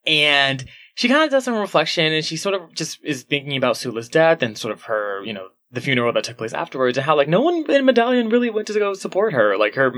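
A man co-hosting a podcast, talking through a novel in a chatty, animated way, full of fillers and frequent laughs. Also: a little high, fast talker, hardly any pauses. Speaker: podcast co-host. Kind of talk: casual book discussion.

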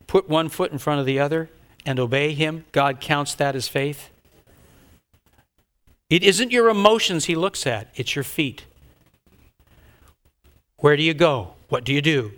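An older man, a pastor, telling a story in a sermon with animated, dramatic delivery and sudden loud outbursts. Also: fairly high pitch, clean tone.

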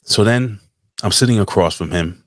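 A man's voice: fairly low pitch, moderate pace, no room sound, clean studio sound. A young man on a podcast, telling a rambling, profane story in casual chat. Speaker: podcast host.

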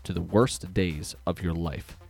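A man's voice: low-pitched, steady tone, a little slow, vocal fry, darkish tone, soft background music, full character voice. A man reading aloud as a smug, cruel prison warden with a mild, pleasant tone. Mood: smug, taunting. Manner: taunting, pleasant tone.

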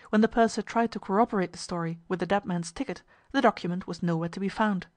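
A woman narrating a story in an even, measured reading voice. Her pitch is middling and the recording is dry and close, with no room sound. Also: dry recording.

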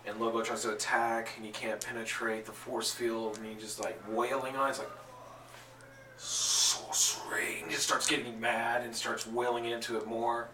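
A man narrating a tabletop game as game master, telling the story in an animated, jokey way, recorded from a distance in an echoey room. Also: medium pitch, fairly quick, few pauses, slight background noise. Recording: echoey room, distant mic, faint ambience.

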